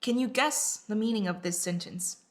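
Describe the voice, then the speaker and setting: A woman teaching a beginner Chinese class, patiently repeating each word and checking in with her learners. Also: mid-range voice. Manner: patient, repeats words slowly. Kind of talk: language lesson.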